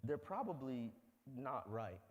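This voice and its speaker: A man's voice: medium pitch, sing-song, takes it slowly, heavy background noise. A man giving a public talk, telling stories in a conversational, wry way. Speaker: speaker. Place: lecture hall. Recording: long hall reverb.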